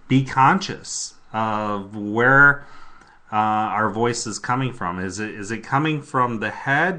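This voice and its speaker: Slow, hesitant male co-host. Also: on the low side, bright, forceful tone. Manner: hesitant, thoughtful, many fillers and restarts. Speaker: co-host of a self-help show. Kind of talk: motivational talk radio chat.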